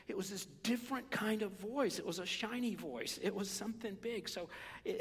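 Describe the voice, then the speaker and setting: A man preaching a sermon in a conversational, animated way, sometimes dropping to a whisper. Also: high-pitched, in a large hall. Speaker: pastor.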